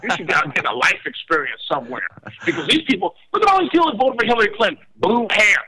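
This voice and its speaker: Animated, bright-voiced man on talk radio. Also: racing, slightly rough, low-quality recording. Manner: animated, mocks others in high put-on voices. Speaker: radio co-host. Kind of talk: casual talk radio chat. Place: home in a Las Vegas suburb.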